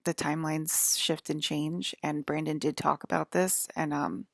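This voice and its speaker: A woman's voice: sits low, flat delivery, a little slow, creaky, no room sound, studio quality. A young woman talking in a rambling, casual monologue full of fillers and apologies. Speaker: vlogger.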